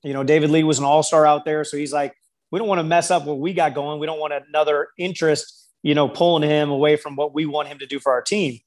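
A man's voice: a little high, fast talker. A man who works as a basketball skills coach, telling stories in an interview and acting out the people he quotes. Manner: storytelling, quotes people in lively voices. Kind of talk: interview conversation.

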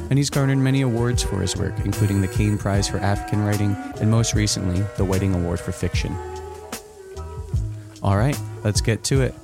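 A man hosting a podcast, reading a scripted introduction in an even way. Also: fairly low pitch. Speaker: podcast host. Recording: clear music bed behind the voice.

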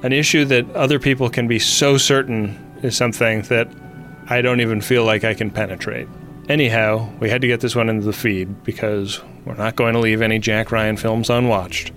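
A man's voice: lowish voice, steady tone, moderate pace, fairly bright tone, faint music behind. A man hosting a podcast, talking in a wry, self-deprecating way. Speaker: podcast host. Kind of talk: casual podcast chat.

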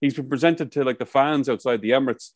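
A man co-hosting a casual podcast, his voice of middling pitch and dry, with no roominess around it. He rambles through stories and swears freely. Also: fast, no echo. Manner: rambling storyteller, swears a lot. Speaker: podcast co-host. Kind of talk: casual chat. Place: outdoors by the coast.

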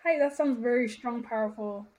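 Cheerful woman guest, slightly high voice. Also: moderate pace, a little mellow, poor audio. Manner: cheerful, laughs often, upbeat. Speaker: company founder and guest. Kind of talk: casual interview chat.

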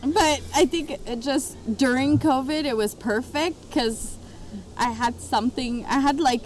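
A woman hosting a podcast, asking relaxed questions and giggling often. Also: high-pitched, measured pace, a little hiss or hum. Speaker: podcast host. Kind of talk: casual interview.

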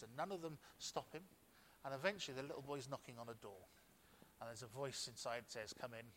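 A man's voice: medium pitch, a bit bright, a little hiss or hum. A male pastor delivering a sermon in church, telling a story with frequent restarts before reading scripture.

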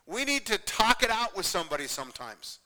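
A pastor giving a conversational sermon to a congregation, earnest and repetitive, often checking in with "okay?". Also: male voice, sits high, sing-song, fairly quick, sharp tone, long reverb tail, rough recording.

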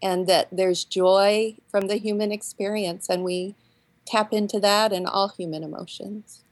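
Older woman guest, Minnesotan accent, unhurried and reflective, measured pace. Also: mid-range voice, fairly even intonation, dry recording. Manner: slow, thoughtful, reflective. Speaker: choral director, guest. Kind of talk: interview answers.

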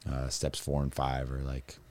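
Man, extremely deep voice, guest storyteller, rambling, candid, halting restarts. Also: monotone, a little mellow. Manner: rambling, with frequent restarts and fillers. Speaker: guest recounting his recovery.

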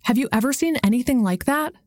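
A woman narrator voicing an excited, curious young woman chatting with a friend. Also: sits high, fast, dry recording, clean studio sound, pitched above the performer's own voice. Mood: eager. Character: eager young woman named Alana.

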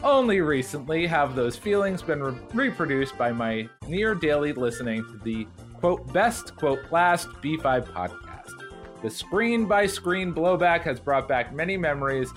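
A man's voice: a little high, big pitch swings, unhurried, soft background music. A man co-hosting a casual podcast, joking around and reading a listener review aloud. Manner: jokey, reads listener reviews aloud with mock accents. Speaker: podcast co-host.

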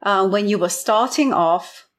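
A woman's voice: medium pitch, unhurried. A woman hosting an interview, asking long questions with many restarts. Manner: rambling, repeated restarts when asking questions. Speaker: interviewer host. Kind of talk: conversational interview.

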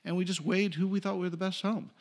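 Middle-aged TV producer guest from North Carolina, gravelly, somewhat high voice, animated storyteller. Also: male voice, fast. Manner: animated, acts out others' lines. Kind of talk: casual storytelling interview.

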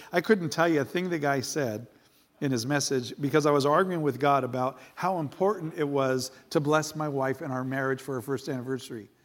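A middle-aged man, a pastor, preaching a sermon and telling a personal story, acting out the dialogue and building to emphatic preaching. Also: medium pitch.

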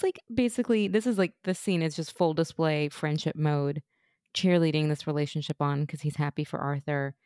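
A woman co-hosting a casual podcast, animated and opinionated, full of quick asides. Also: mid-range voice, no echo, studio quality. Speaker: podcast co-host. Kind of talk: casual chat.

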